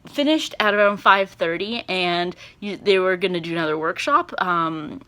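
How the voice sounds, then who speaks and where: A young woman talks straight to her own camera in a loose, chatty vlog. Her voice is bright and clear. She wanders between thoughts, leans on fillers and lifts readily into excitement. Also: fairly low pitch, moderate pace. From Canada. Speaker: vlogger and performance teacher. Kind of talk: casual vlog chat.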